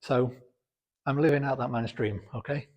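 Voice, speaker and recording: A man's voice: medium pitch, fairly even intonation, moderate pace, a little mellow. A British man with a sore throat, talking bluntly and chattily to camera from his home gym. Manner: blunt, outspoken, chatty with many fillers. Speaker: fitness vlogger. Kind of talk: casual talk to camera.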